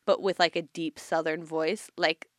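A woman's voice: low voice, level tone, measured pace, a bit bright, no echo, studio quality. A woman telling a story in a rambling, casual podcast chat, laughing often. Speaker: podcast co-host.

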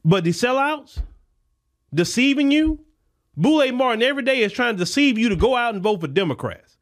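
Impassioned high-voiced man ranting. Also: sing-song, brisk. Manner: impassioned, repetitive, preacher-like cadence. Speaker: podcast host. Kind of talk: political commentary monologue. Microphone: podcast microphone.

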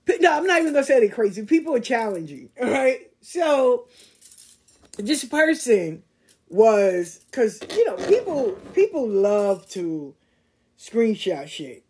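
A woman's voice: a little high, very animated, measured pace, darkish tone, husky. A woman hosting a podcast, ranting casually and bluntly to her listeners with plenty of profanity. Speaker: podcast host.

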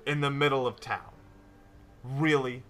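A man playing a stern commanding official who barks orders, quick to anger, bright forceful voice, tabletop game role-play. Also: medium pitch, fairly even intonation, soft background music, lightly acted. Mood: curt. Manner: shouts orders.

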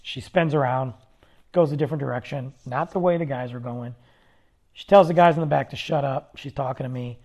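A man's voice: medium pitch, fairly quick, darkish tone. A man hosting a podcast, telling a long personal anecdote in a loose, rambling, casual way with plenty of fillers. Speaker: podcast host. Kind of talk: casual storytelling.

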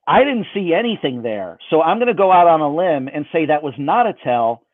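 A man's voice: fairly high pitch, big pitch swings, fairly quick, no echo. A man performing magic for someone over a video call, with playful, self-mocking patter. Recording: dry, phone-like band.

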